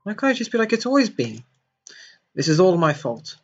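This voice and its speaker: A man's voice: high-pitched, very animated, fairly quick, husky, dull audio, faint music behind, exaggerated voice. Sayori: a man reading as a gloomy teenage girl. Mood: self-blaming. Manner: soft, gloomy, self-blaming. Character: bubbly teenage girl hiding depression.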